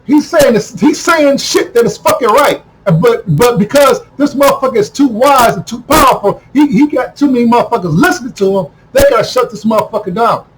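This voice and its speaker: A man delivering a heated, profane monologue to camera, repeating himself and breaking into shouts. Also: very high-pitched, brisk, hardly any pauses, slight background noise, low-quality recording. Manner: heated, repetitive, swears constantly, bursts into shouting. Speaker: video commentator.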